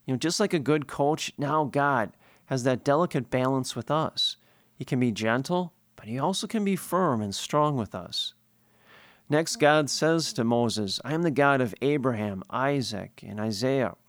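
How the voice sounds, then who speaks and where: A man's voice: mid-range voice, dry recording, studio quality. A priest giving a sermon, explaining scripture earnestly and posing questions he then answers himself.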